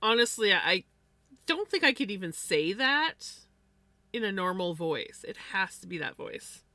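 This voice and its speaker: A woman's voice: medium pitch, very animated, unhurried, sharp tone, dry recording. A woman hosting a livestream, chatting casually while she crafts. She rambles with many fillers. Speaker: livestream host.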